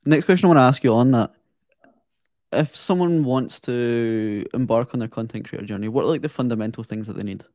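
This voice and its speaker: A man's voice: medium pitch, a little fast, darkish tone, no echo. A male podcast host asking questions in a curious, reflective, conversational way. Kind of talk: casual interview chat.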